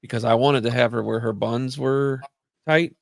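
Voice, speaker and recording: A man with a heavily gravelly, fry-laden voice tells a loose, rambling story in casual chat. He swears freely and gets animated. The sound is dry and close, with no room around it. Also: mid-range voice, moderate pace, no echo.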